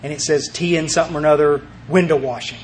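High-voiced man telling a recovery story. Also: steady tone, fast talker, a little hiss or hum. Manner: emphatic, rambling, with repeated words and restarts. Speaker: recovery meeting speaker. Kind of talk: storytelling talk to a group.

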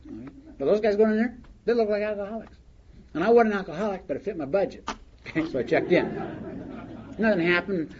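A man telling his story to an audience in a wry, animated way, laughing along as he goes. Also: sits high, a little fast, pauses often, highs cut off, slight background noise. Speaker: speaker sharing his recovery story.

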